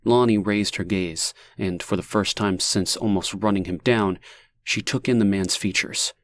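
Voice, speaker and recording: This is scripted audiobook narration, read steadily and deliberately by a man whose voice sits on the lower side.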